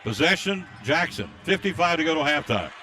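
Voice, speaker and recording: Man, play-by-play announcer, bright forceful voice, slightly high, faint crowd hum behind. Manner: rapid excited calls during fast plays, reads out listener greetings. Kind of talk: live basketball play-by-play commentary. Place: high school gym, courtside broadcast. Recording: faint crowd noise at a game.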